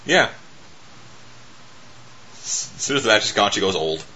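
A man's voice: fairly low pitch, expressive, a little slow, bright, forceful tone, muffled recording, slight background noise. A man casually riffing on a movie, jokey and profane, often laughing. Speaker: movie commentator.

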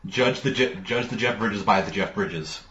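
Lower-voiced man chatting loosely in a roomy, muffled room. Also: moderate pace, fairly bright tone. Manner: loose, swearing, laughs often. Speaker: podcast co-host. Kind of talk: casual chat about TV shows. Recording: roomy, dull lo-fi sound with faint noise.

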